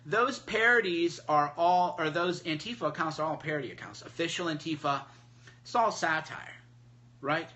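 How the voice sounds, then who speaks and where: Brash, bright-voiced man on a livestream. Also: a little high, normal speed. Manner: mocking, blunt and emphatic. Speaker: livestream host. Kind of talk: casual livestream monologue. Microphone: phone livestream.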